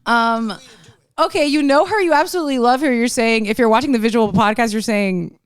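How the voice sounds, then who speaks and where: A woman's voice: a little high, fast talker, clear, resonant tone, no echo. A woman hosting a podcast in casual chat, with an American accent, bubbly and chatty, with lots of fillers and giggles. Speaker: podcast host.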